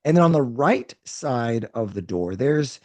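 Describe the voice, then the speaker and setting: A man's voice: medium pitch, lively intonation, unhurried, dry recording. A man narrating as game master of a tabletop role-playing game, rambling with frequent restarts. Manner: rambling, hesitant, many restarts.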